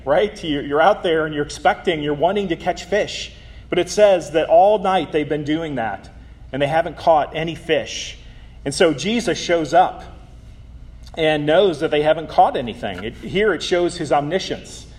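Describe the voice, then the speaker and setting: Conversational preacher man, fairly high voice. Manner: conversational, with filler ums and self-corrections. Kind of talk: sermon.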